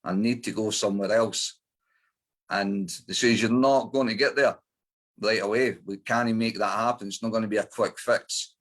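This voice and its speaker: A man's voice: fairly low pitch, fairly even intonation, normal speed, a bit bright. Sweary Edinburgh Scottish man. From Scotland. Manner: blunt and sweary, with frequent fillers. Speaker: interview guest. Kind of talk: candid life-story interview.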